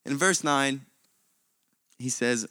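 A man preaching a sermon as pastor, animated, with sudden swings between loud and quiet. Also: medium pitch, slow, smooth, no echo, clean studio sound.

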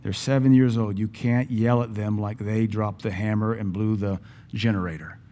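A man's voice: fairly low pitch, fairly even intonation, normal speed, dark tone, voice pushed down, close to an everyday voice. A man voicing an exasperated wife who is correcting her husband, in a dry, pointed tone. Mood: scolding.

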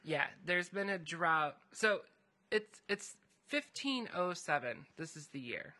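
A man's voice: a little high, sing-song, slow, sharp tone. A man co-hosting a casual podcast chat, retelling a fantasy story in a rambling way with many fillers. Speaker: podcast co-host recapping a story.

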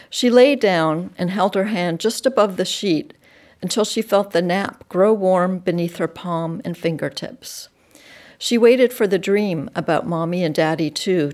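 A woman reading a dark literary story aloud, measured and dropping soft at sentence ends. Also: on the low side. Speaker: narrator. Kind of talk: audiobook reading.

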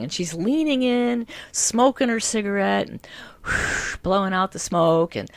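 A woman telling a personal story to an interviewer, animated and laughing often. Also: mid-range voice, unhurried, dry recording.

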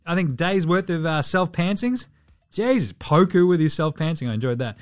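A man's voice: on the high side, expressive, normal speed, faint music behind. A man hosting a casual sports podcast, running through game stats with an irreverent, sweary, joking manner. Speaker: podcast host.

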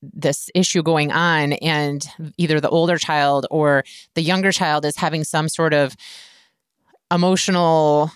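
A woman hosting a show as a scoliosis care provider, talking through an advice monologue in a relaxed, conversational way with many filler words. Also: low voice, unhurried, smooth, dry recording, studio quality.

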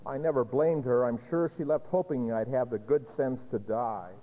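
A man's voice: mid-range voice, normal speed, lightly acted. A man voicing a bitter, defiant young kitchen maid in a recited dramatic monologue. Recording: dull echoey hall recording.

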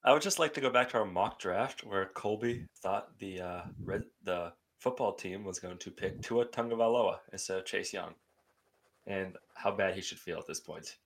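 Low-voiced man hosting a casual podcast. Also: moderate pace, gravelly, slight background noise. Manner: teasing, laughs often. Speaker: podcast host.

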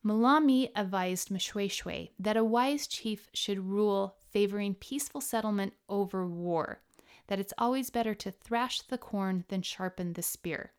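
A woman's voice: mid-range voice, measured pace, clean tone. Woman, middle-aged, from the US; podcast host reading her travel stories, explaining terms carefully. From United States. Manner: explanatory, spells out words and pronunciations. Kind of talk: scripted storytelling narration.

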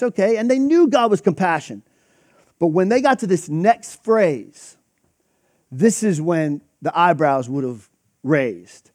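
A man's voice: high-pitched, darkish tone, no echo, studio quality. A man preaching a sermon in a conversational, emphatic way, acting out quoted reactions. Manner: conversational, emphatic, with frequent restarts and quoted asides.

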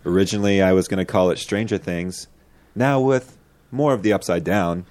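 A man's voice: deep voice, moderate pace, darkish tone. A man hosting a casual podcast, joking loosely and stumbling through his plugs. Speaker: podcast host.

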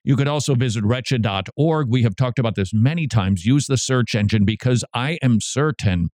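A man hosting a call-in radio show, answering a caller's question in an emphatic, quick, jokey way. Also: mid-range voice, a little mellow, no room sound, studio quality.

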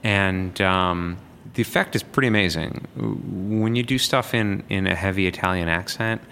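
A man's voice: sits low, normal speed, bright, forceful tone, slight background noise. A man in casual conversation about acting exercises and improv, speaking reflectively and fluently. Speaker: improv performer.

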